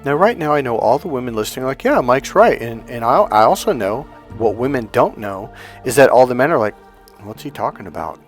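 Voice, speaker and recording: A man's voice: mid-range voice, expressive, fast, faint music behind. Emphatic male relationship coach. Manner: emphatic, acts out quoted couples' lines. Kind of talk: solo coaching monologue.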